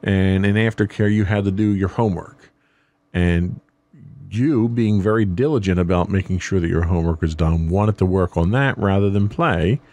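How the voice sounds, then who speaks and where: A man's voice: low voice, moderate pace, a little mellow, no room sound. A middle-aged man hosting a family podcast, talking things through in a reflective, explaining way. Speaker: podcast host. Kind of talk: casual podcast talk.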